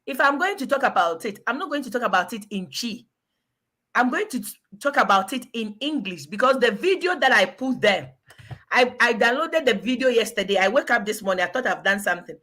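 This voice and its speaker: A woman's voice: a little high, expressive, brisk, sharp tone. A woman in her forties with a Ghanaian accent, a guest talking casually and animatedly on a live video call, laughing often and slipping into pidgin. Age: 40s.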